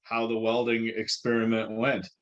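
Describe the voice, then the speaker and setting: A man's voice: medium pitch, monotone, moderate pace, highs cut off. A man hosting a casual podcast chat in a laid-back, teasing way. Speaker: podcast host.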